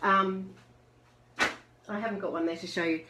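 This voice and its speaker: A middle-aged woman talks to her viewers in a live video chat. Her voice sits in an ordinary middle pitch. She is chatty and laughs often, speaking into a webcam. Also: steady tone, moderate pace, pauses often, pushed and bright, a little hiss or hum. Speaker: host.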